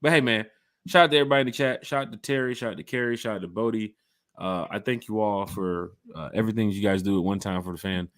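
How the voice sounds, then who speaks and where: A man hosting a fan podcast in casual chat, telling stories with lively acted-out quotes on a home mic and camera. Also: on the low side, fast talker, no room sound, studio quality. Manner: animated storyteller acting out quotes. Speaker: podcast host.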